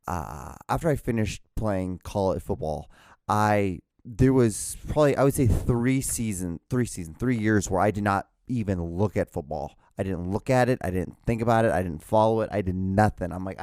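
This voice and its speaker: A young man with a lowish, mellow voice talks casually on his own show, cursing freely and restarting sentences. He pokes fun at himself as he goes, and the sound is close and dry with no room echo. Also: normal speed. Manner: profane, self-mocking, rambling with restarts. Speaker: podcast host. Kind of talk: casual solo rambling.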